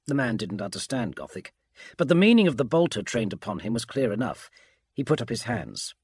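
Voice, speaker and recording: Husky man narrating a bedtime audiobook. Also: medium pitch, sing-song, brisk, darkish tone, dry recording, clean studio sound.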